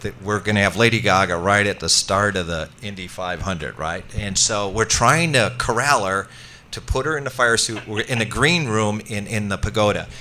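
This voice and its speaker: A man's voice: fairly low pitch, moderate pace, bright, forceful tone, a little hiss or hum. A middle-aged man telling a rambling, self-interrupting anecdote as a guest in casual chat. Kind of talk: casual storytelling.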